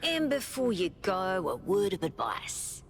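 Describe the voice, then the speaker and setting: An actress voicing a sly, conspiratorial female robot citizen with an Australian accent, confiding and lively, in a video game. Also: medium pitch, a little slow, gravelly, slight background noise, heavily acted. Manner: lively, confiding, drops to a whisper.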